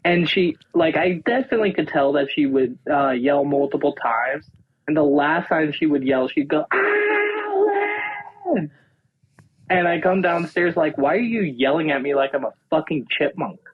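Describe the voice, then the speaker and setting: A man co-hosting a comedy podcast, telling stories in a dry, low-key way. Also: normal speed. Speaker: podcast co-host. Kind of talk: casual banter. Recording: dull lo-fi sound with faint noise.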